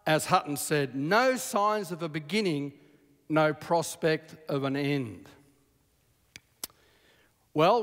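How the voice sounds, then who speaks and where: A man giving a lecture, quoting old sources at length and breaking in with emphatic asides. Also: on the high side. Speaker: creationist lecturer. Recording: long hall reverb.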